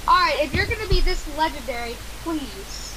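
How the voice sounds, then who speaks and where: A woman's voice: sits high, expressive, moderate pace, background noise. A woman co-hosting a game stream, rambling and teasing in casual chat.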